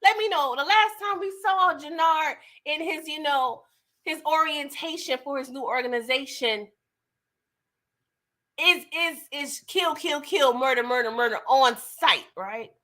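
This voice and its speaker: High bright animated woman host. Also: a little slow. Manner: animated, slangy, laughs and mocks. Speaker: TV recap host. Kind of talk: casual live-stream recap chat.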